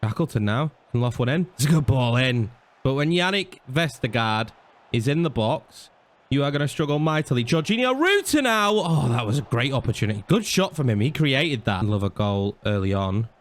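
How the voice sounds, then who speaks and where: A young man commentating his own football video game career mode, reacting loudly to saves and misses. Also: medium pitch, normal speed. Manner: excitable, swings between groans and shouts at the play. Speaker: gaming YouTuber.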